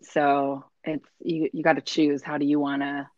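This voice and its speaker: Low voiced woman talking theater stuff, laughs easy, kinda muffled. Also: level tone, normal speed, darkish tone, no echo. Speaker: community theater leader, guest. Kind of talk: casual interview chat. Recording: slightly dull, dry sound.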